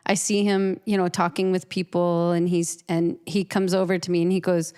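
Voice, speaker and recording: A woman with a lower voice and a smooth, resonant tone tells a personal story to an interviewer. She is earnest and emotional, and she often restarts and repeats words as she goes. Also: little pitch movement, moderate pace, mellow. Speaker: professional artist, interview guest.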